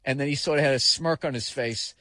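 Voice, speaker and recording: Male talk-radio guest, swearing raconteur with a bright, forceful tone recorded close and dry; bursts into shouted impressions. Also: medium pitch, brisk, no echo. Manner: profane storyteller, animated bursts of shouting impressions. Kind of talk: casual radio talk show chat.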